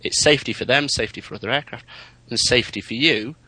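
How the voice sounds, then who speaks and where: A man in casual chat about flying, chatty and anecdotal, getting animated in his stories. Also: mid-range voice, quick pace, breathy edge, no room sound, low-quality recording. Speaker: podcast co-host, private pilot.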